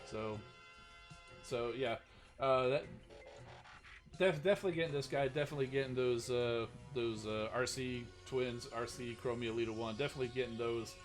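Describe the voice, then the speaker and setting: A man's voice: mid-range voice, steady tone, moderate pace, faint music behind. A man hosting a live stream, chatting casually about toy news and reading out chat questions, rambling with many restarts. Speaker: stream host.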